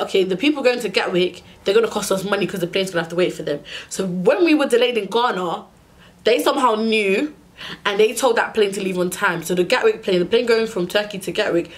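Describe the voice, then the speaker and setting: A young woman telling a storytime rant to her vlog audience, exasperated and animated, acting out the people she argued with. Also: medium pitch. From United Kingdom. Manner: exasperated, animated retelling with acted-out dialogue. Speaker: vlogger.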